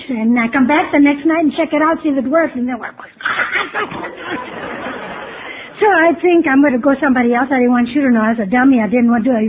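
Woman, high-pitched, candid self-mocking storyteller, recovery meeting share, phone-like lo-fi sound. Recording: tinny phone-like lo-fi recording with faint hiss.

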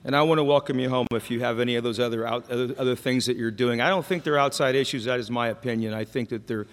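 Speaking fast in a steady, mid-range voice, a Mexican-American man tells his story candidly at a recovery meeting. He jokes and poses questions to the crowd, and the recording carries a long hall reverb.

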